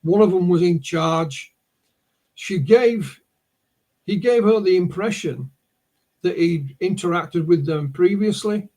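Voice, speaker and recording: A man's voice: high voice, slow pace, pauses often, a little mellow. A man with a northern English accent, a guest on a podcast interview, recounting a case as a story and often restarting his words. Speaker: guest researcher.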